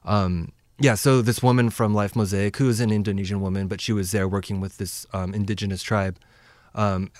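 A man from the United States casually chats about his travels, rambling with lots of fillers and acting out bits of dialogue. His voice is on the low side and darkish, with a steady tone and a slightly fast pace. The clean studio recording has no room sound.

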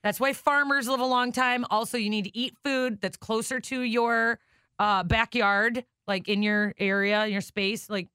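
A woman co-hosting a radio show, chatty and animated, laughing often in casual banter. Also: on the high side, normal speed, clear, resonant tone, no echo, studio quality.

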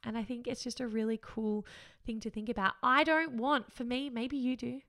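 A woman's voice: on the high side, steady tone, moderate pace, a bit bright. A woman, hosting a solo podcast in an earnest, upbeat, reflective way, often laughing. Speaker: podcast host.

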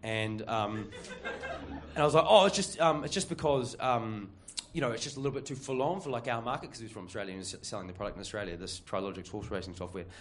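A man's voice: fairly low pitch, fast talker, a bit bright. A man telling a story live to an audience, rambling with lots of fillers, laughing and acting out other people's voices.

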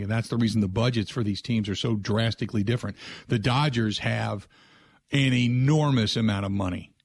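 A man's voice: on the low side, no echo. A man hosting a sports talk radio show, chatting casually and ranting in exasperation. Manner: exasperated, ranting, animated storytelling.

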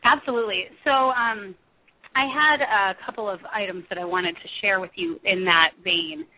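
A woman, a music therapist, talking earnestly in an interview, pausing with frequent ums and restarts. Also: medium pitch. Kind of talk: conversational interview over the phone. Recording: tinny phone line.

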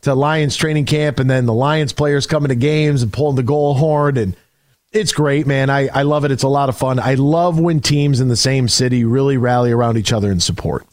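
A man hosting a call-in sports radio show, talking in an energetic, rambling way with frequent restarts. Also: mid-range voice, brisk, no echo, studio quality.

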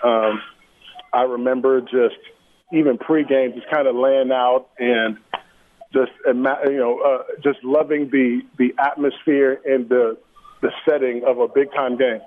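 Man, interview guest, earnest, slow-paced storytelling, thin phone-like audio. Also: mid-range voice, fairly even intonation. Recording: tinny phone-like sound with faint noise.

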